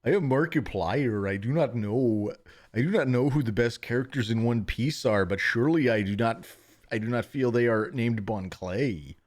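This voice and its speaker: A man's voice: mid-range voice, normal speed, close to an everyday voice. A man putting on a mock impression of a streamer, speaking in a stiff, unnaturally formal announcer voice. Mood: pompous announcer. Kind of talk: joking impression on a live stream.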